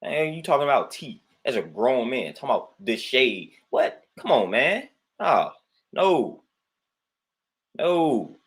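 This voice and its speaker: Ranting on his livestream, this host is very animated yet takes his time, speaking at a medium pitch. He hammers his points emphatically and repetitively, constantly saying "man" and greeting viewers as he goes.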